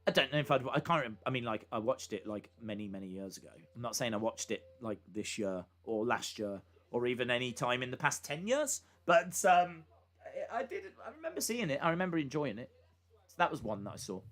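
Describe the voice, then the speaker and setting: A man's voice: mid-range voice, sharp tone. A man hosting a live reaction stream, chatting casually and rambling with fillers and asides between moments of commentary.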